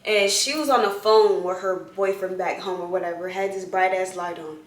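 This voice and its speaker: A young woman joining a casual storytime chat, lively, often laughing and cussing, in a shared bedroom. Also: medium pitch, normal speed, recorded from a distance, noisy background. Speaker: co-host. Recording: roomy echoey room.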